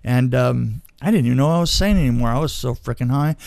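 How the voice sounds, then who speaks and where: A man of ordinary pitch tells a rambling personal story, chuckling as he goes and often restarting his sentences. The sound is dry and close, with no room around it. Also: fast, gravelly, a little mellow, dry recording. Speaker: storyteller guest. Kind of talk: casual anecdote.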